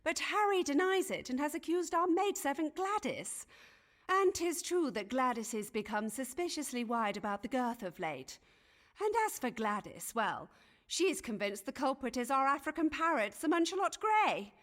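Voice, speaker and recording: A woman's voice: high voice, lively intonation, normal speed, fairly bright tone. An actress voicing a fussy, self-important Elizabethan noblewoman who chatters in archaic phrasing, in a video game. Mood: gossipy. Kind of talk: game voice acting.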